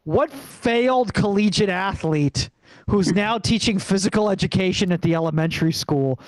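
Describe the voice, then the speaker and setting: A man doing a rambling stand-up set over a video call, pausing often with ums and uhs. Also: sits high, no echo, poor audio. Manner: rambling, halting delivery with many fillers. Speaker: stand-up comedian.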